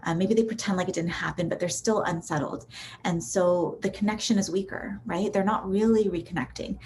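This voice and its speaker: A woman with a fairly low voice presents a recorded relationship workshop, explaining ideas in a relaxed, conversational way. She leans on "um" and a questioning "right?" as she goes. A light noise sits under the recording. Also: brisk. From Canada. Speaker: relationship therapist.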